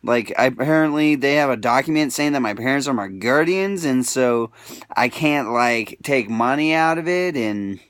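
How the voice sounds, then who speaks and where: A man's voice: mid-range voice, lively intonation, normal speed, a bit bright, dry recording. A young man telling a rambling, emotional personal story, full of filler words, swinging between mumbling and crying out. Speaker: vlogger.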